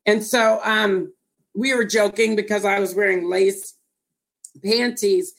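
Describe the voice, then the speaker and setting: Female host, chatty storyteller, self-deprecating and animated. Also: mid-range voice, slow pace, creaky. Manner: animated, rambling, self-mocking. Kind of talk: casual storytelling.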